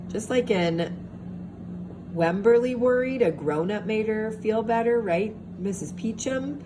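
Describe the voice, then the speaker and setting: A woman teacher reading a storybook aloud to young children, expressive and pausing to ask them questions. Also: on the high side. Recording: steady background hiss.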